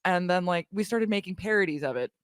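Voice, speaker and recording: A woman's voice: lowish voice, animated, fast, clear, resonant tone, no room sound, clean studio sound. A woman hosting a casual podcast chat, telling stories in a playful, wry way. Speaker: podcast host.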